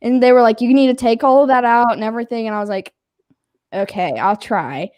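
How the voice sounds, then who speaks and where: A woman's voice: fairly high pitch, brisk, dry recording. A young adult woman casually telling a story, acting out what people said, laughing and swearing as she goes. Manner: animated, acts out quotes, laughs, swears casually.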